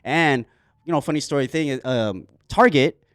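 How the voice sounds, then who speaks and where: A man hosts a casual podcast in a studio, his voice at a middle pitch and recorded very dry and close. He tells stories with lively energy, loose slang and plenty of swearing. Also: moderate pace, no room sound. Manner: animated storyteller, swears freely, slangy. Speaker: podcast host.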